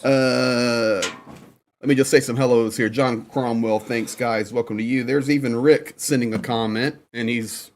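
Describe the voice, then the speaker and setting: A man's voice: mid-range voice, steady tone, measured pace, slight background noise. A man hosting a casual livestream from Ukraine, reading out viewer names and greeting them one by one. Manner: upbeat, reads out viewer names and shout-outs. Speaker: livestream host. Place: indoors in Ukraine.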